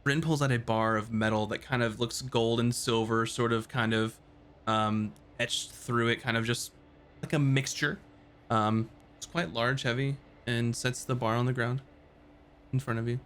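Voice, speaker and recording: A man narrating as game master of a tabletop game, describing scenes in a relaxed, rambling way with many fillers. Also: mid-range voice, normal speed, slight background noise.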